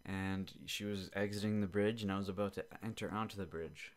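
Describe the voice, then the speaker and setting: This young podcast host speaks on the low side, keeping a steady tone at a fairly quick clip. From his basement at home, he rambles and swears through an annoyed, offhand rant.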